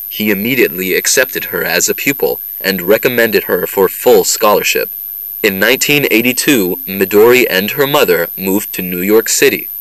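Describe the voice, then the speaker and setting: Deep-voiced man reading a test passage. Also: a bit bright, dry recording, rough recording. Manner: slow, measured reading. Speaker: narrator of a listening test. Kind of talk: scripted narration.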